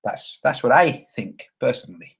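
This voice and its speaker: A man giving measured reaction commentary on a clip, pausing often with hesitant fillers. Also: medium pitch, expressive, vocal fry, breathy edge.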